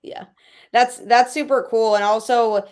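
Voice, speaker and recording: A woman's voice: a little high, steady tone, measured pace, darkish tone, smooth. A woman hosting a podcast interview, talking in a chatty, enthusiastic way and often saying "like". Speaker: podcast host. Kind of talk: casual interview chat.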